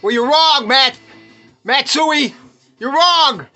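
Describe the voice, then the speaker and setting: A man's voice: extremely high pitch, takes it slowly, sharp tone, faint music behind. A man hosting a podcast, ranting bluntly and profanely in casual talk while opening baseball cards, chuckling often. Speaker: podcast host.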